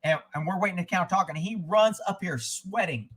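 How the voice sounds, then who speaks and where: Over poor audio, a man with a high, somewhat bright voice with a breathy edge talks a little fast. He used to investigate child abductions and now hosts a live news and chat stream, where he rambles through stories bluntly and with profanity, wandering off on tangents.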